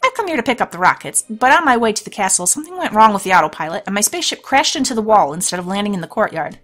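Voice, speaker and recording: A woman's voice: mid-range voice, big pitch swings, rapid-fire, fairly bright tone, faint music behind. A woman voicing a talkative, condescending male alien courier in a storybook game. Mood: explaining. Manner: rambling, condescending.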